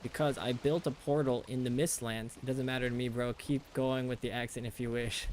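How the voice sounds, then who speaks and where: An American man streams a game and chats loosely with his viewers, rambling from thought to thought in a mid-pitched voice. He sounds relaxed and conversational. A faint hiss of background noise sits under his desk-mic recording. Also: moderate pace. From United States. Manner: rambling, chatty, talks to chat. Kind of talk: casual chat while gaming.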